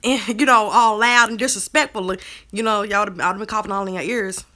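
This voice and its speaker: A woman, talking to her viewers in a casual live stream, animated and drawling. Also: mid-range voice, fairly quick. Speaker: co-host of a live video chat. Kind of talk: casual live-stream chat reading comments.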